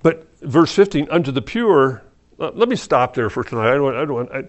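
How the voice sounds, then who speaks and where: A middle-aged man preaching an evening Bible study, talking in a halting, conversational way with restarts and soft laughs. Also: medium pitch, lively intonation, lo-fi sound. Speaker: pastor.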